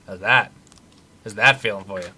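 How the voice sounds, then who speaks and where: A man's voice: on the low side, normal speed, pushed and bright, slightly rough. A man streaming a video game, chatting casually, reading the game's text aloud and reacting jokily. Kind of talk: casual live gameplay commentary.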